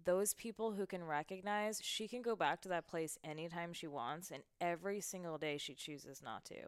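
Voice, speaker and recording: Low, smooth-voiced woman chatting frankly. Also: moderate pace, no room sound, clean studio sound. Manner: frank and chatty, with frequent "like" fillers and a swear now and then. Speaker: interview guest. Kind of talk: casual candid conversation. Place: home.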